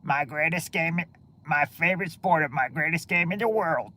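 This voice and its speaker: A rough, hard-to-follow voice of an old-time baseball star greeting the stands, as a man puts it on. The delivery comes from slightly off the mic, with a dated flavor. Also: a little high, moderate pace, bright, forceful tone. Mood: hearty.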